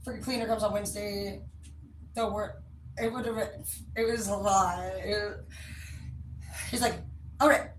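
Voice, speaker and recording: A woman's voice: medium pitch, steady tone, a little slow, long pauses, slight background noise. A woman telling a long story in a blunt, rambling, profane casual chat. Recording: echoey room, mic at a distance.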